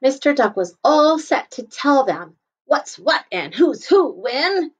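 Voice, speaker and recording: A woman kindergarten teacher reading a picture book aloud to children, gently stopping to explain words. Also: high-pitched, very animated, slow, muffled recording.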